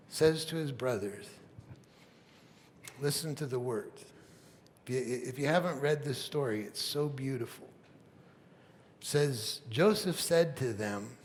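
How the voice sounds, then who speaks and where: A man's voice: mid-range voice, takes it slowly, pauses often, in a large hall, slight background noise. A man preaching a sermon as pastor, retelling a Bible story in a casual, conversational way. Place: church sanctuary.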